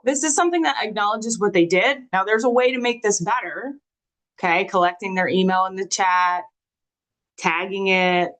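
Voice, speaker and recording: A woman's voice: mid-range voice, normal speed, fairly bright tone, poor audio. An upbeat woman leads a live marketing training and talks to her class in a casual way. She often drops into a sing-song voice to read out sample messages.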